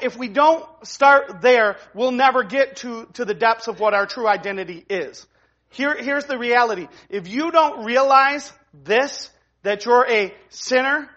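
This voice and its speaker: A man's voice: very high voice, fairly bright tone, highs cut off. A man preaching a sermon in a conversational way, often restarting phrases and checking in with "right?". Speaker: pastor.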